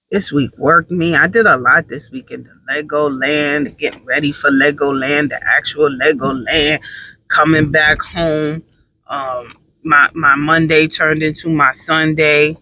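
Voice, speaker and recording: Sassy, sharp-voiced tired mom. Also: female voice, fairly low pitch, no echo. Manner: animated, sassy, emphatic repetition. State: tired, drained. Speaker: mother and vlogger. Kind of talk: casual storytelling monologue.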